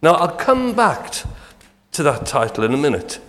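Brief: older man, sermon, lively storytelling, reverberant hall sound. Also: on the high side, normal speed. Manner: animated, jovial storyteller. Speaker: preacher. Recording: echoey hall.

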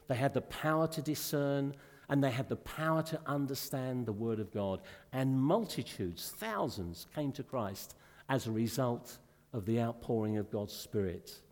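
A male preacher giving a sermon, exclaiming often and asking the congregation rhetorical questions. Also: mid-range voice. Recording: long hall reverb.

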